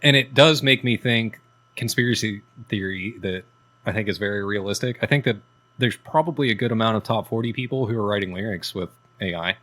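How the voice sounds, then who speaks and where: A man's voice: lowish voice, a little fast, a bit bright. A man co-hosting a podcast, telling rambling, profane stories in casual chat. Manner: profane, rambling storytelling with laughs. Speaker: podcast co-host.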